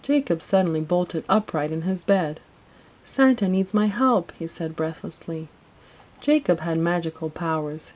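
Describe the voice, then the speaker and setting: Low-voiced woman reading a storybook. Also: a little mellow, rough recording. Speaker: narrator.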